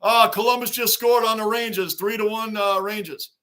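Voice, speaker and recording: A man's voice: high-pitched, fairly even intonation, moderate pace, bright, forceful tone. A man hosting a sports livestream, chatting casually and animatedly with viewers by name. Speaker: livestream host.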